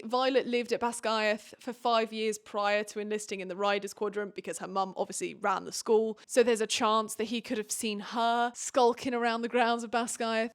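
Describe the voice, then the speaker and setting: A woman's voice: a little high, a bit bright. A young woman recapping a novel in a chatty, sarcastic way with playful asides. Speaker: book recap host. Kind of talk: comedic book recap.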